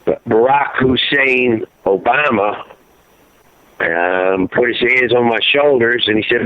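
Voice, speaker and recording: A man's voice: medium pitch, slow pace, dry recording. A middle-aged man, father of a fallen serviceman, telling his story as a guest over the phone in a rambling way, full of "you know" and "uh". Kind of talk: emotional phone interview. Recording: tinny phone line, dry.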